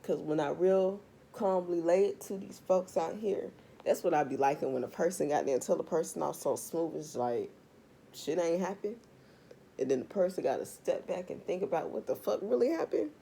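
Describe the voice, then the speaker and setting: A woman's voice: lowish voice, animated, moderate pace, gravelly, dark tone, slight background noise. A woman doing a casual tarot reading vlog, talking straight to her viewers in a blunt, profane rant. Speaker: tarot reader.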